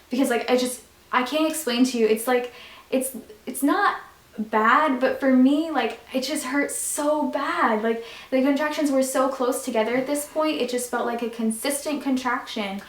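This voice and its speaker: A woman's voice: high-pitched, moderate pace. A young woman casually retelling a personal story on a vlog, chatty and full of fillers. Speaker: vlogger. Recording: echoey room.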